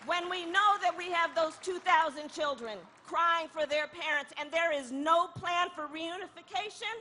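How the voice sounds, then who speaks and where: A woman giving an impassioned protest rally speech outdoors, repeating a refrain and building to shouts. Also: very high voice, moderate pace, slight background noise. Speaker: rally speaker.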